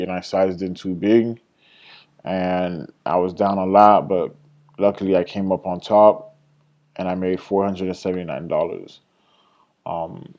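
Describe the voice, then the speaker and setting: Rambling young man recapping his trades. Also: lo-fi sound. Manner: rambling, self-critical, swears freely, trails off and restarts; quotes his own thoughts in an excited, higher voice. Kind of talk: casual screen-share trade recap.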